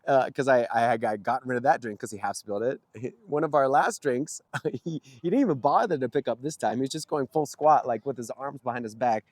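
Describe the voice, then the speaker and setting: A man's voice: medium pitch, fairly quick, dry recording, clean studio sound. A man vlogging outdoors near a street, telling a story casually in a rambling way with frequent chuckles. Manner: rambling, chuckling, with many fillers.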